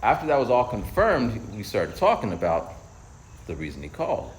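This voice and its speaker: A man's voice: lowish voice, wildly swooping pitch, normal speed, a little hiss or hum, rough recording. A man vlogging while walking outdoors, telling a casual story and acting out other people's voices. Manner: storytelling, acts out quoted voices.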